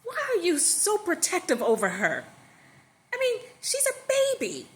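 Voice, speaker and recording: A woman voicing a desperate, jealous young wife who pleads in a high, near-tearful voice. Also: wildly swooping pitch, normal speed, fairly bright tone, exaggerated voice. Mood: frantic pleading. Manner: high pleading voice, nearly crying.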